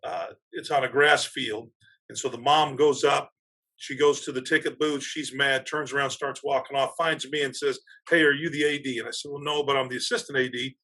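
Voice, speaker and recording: A man, an athletic director, telling animated stories as a podcast guest and laughing through them. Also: mid-range voice, fairly quick. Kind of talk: casual storytelling on a podcast.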